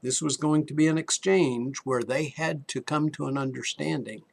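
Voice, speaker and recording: Male preacher, slightly high gravelly voice, slow and earnest, questioning sermon delivery. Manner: earnest, questioning, repeats words when starting sentences.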